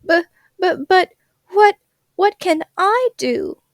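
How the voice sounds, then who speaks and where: Woman reader as a soft-hearted crocodile mum, high, fluttery, stammering. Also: animated, slow pace, gravelly, no room sound, clean studio sound, full character voice. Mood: flustered. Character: kindly motherly crocodile, flustered and teary.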